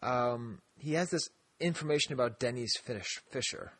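Man, podcast co-host, casual chat, husky breathy voice, dry close sound, rambling and laughing. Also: mid-range voice, moderate pace, fairly bright tone, dry recording. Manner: rambling, laughs often, many restarts.

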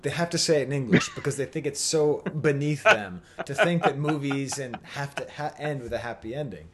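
A man's voice: mid-range voice, brisk, noisy background. An American man co-hosting a podcast, chatting animatedly and laughing as he mimics voices. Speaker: podcast co-host. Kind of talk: casual podcast chat.

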